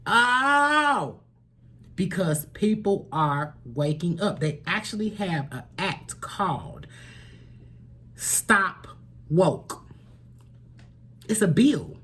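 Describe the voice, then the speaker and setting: A tarot reader gives a spiritual reading to camera, earnest and preachy, repeating phrases for emphasis and sometimes dropping to a soft near-whisper. Her fairly low, sing-song voice is extremely slow, with long pauses and a breathy edge.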